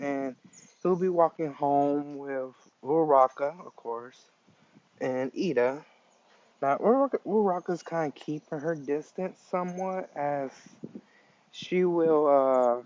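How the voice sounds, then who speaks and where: A man improvising a fan story aloud, halting often with fillers. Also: fairly high pitch, darkish tone. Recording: dull lo-fi recording.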